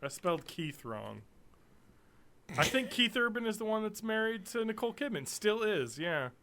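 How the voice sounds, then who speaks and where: This thirties-aged podcast co-host chats casually and with lots of animation, swearing and laughing often. His voice is high-pitched, bright and forceful, moving at a moderate pace.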